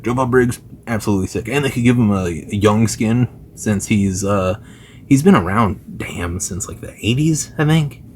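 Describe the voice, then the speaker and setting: A man's voice: on the low side, moderate pace, darkish tone, slight background noise. A man talking as a gaming YouTuber in loose, enthusiastic casual commentary, full of fillers and slang.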